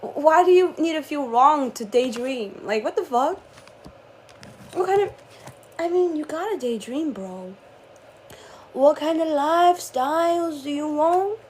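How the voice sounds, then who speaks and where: A woman's voice: high voice, lively intonation, a little slow, long pauses, a little mellow, a little hiss or hum. Woman musing then ranting, laughing and swearing. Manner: swears freely, flips from dreamy murmur to laughing frustration. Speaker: spiritual channeler vlogger. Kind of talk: casual rant to viewers.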